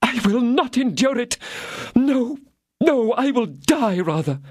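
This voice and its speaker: Man voicing a proud high-voiced queen. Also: lively intonation, measured pace, husky, dry recording, clean studio sound, full character voice. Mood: indignant. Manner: pleading, indignant, raised high voice. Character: proud outraged queen, a woman.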